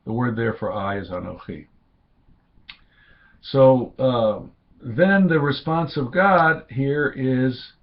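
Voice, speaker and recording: A man at a middle pitch gives an unhurried, informal lecture, pausing on fillers and restarting his sentences as he thinks. He quotes Hebrew phrases and lifts his voice to act out the people he quotes. The recording sounds somewhat dull and lo-fi. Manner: quotes Hebrew and acts out speakers with raised pitch. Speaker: lecturer on rabbinic texts.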